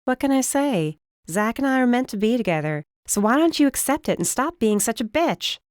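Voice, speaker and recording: A woman's voice: a little high, fairly quick, dry recording, clean studio sound, voice pushed up. A woman voicing a defiant young fire witch who speaks bluntly and sarcastically in an audiobook. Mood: sarcastic. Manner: flat, sarcastic.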